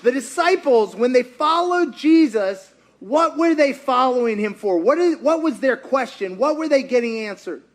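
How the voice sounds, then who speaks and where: Male pastor, middle-aged, high voice, animated storytelling sermon that acts out the characters and questions the crowd. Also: normal speed, few pauses. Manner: animated storyteller, acts out quotes, asks the audience.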